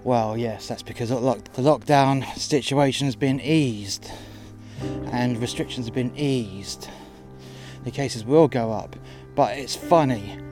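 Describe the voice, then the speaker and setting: Man, furious profane rant, mid-pitched voice, over clear guitar music. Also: takes it slowly, a little mellow. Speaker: podcast narrator, door staff. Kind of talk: angry monologue rant.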